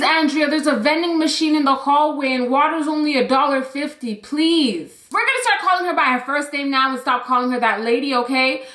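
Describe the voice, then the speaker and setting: A young adult woman telling a personal story in a chatty, animated vlog style, acting out the quotes. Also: sits high, roomy sound. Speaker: YouTuber.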